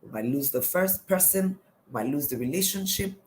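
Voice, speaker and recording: A woman's voice: low voice, lively intonation, moderate pace, slight background noise, poor audio. Emphatic Nigerian woman coach. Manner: questioning, emphatic, repeats "why". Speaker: life coach. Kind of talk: devotional coaching talk.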